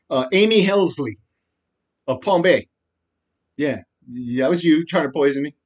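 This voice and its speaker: Guy ranting into his camera, swearing a lot, keeps saying right, kinda high voice. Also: animated, a little slow, long pauses. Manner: profane, agitated, rambling; frequent laughs and repeated "right?". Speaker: vlogger. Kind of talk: rambling monologue.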